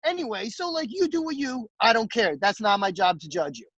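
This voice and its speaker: A man, a restaurant chef telling an animated, profane story as a guest in casual talk. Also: high voice, fairly quick, no room sound, dull audio. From New Jersey. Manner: animated, profane, acts out quotes.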